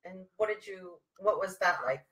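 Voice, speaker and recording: A woman hosts a casual podcast chat, her voice bright and a bit low. She keeps prompting with curious questions about his past. The talk is relaxed and informal. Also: moderate pace, low-quality recording. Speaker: podcast host.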